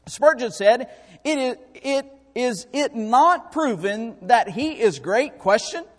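A man preaching a sermon, emphatic and repetitive, his voice climbing louder and higher to drive home points. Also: animated, takes it slowly. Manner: emphatic, rises in pitch and volume for rhetorical points; repeats and restarts words while preaching. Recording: long hall reverb.

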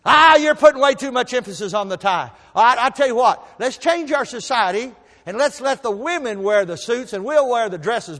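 A man preaching a sermon, telling folksy stories and swinging from soft asides to loud emphasis. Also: very high voice, animated, a little fast, few pauses, long reverb tail. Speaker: pastor.

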